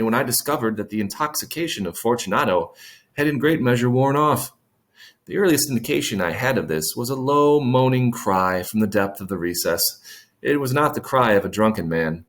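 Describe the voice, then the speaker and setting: A man reading a classic short story aloud, stopping to explain old words in plain terms and adding dry asides. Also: medium pitch. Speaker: reader.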